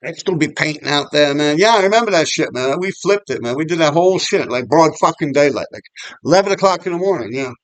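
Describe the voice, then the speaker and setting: Walking along an outdoor path, this New York graffiti vlogger, a middle-aged man, spins rambling, profane tales of his old graffiti days, laughing often. His fairly high voice is animated and quick. The recording is dry.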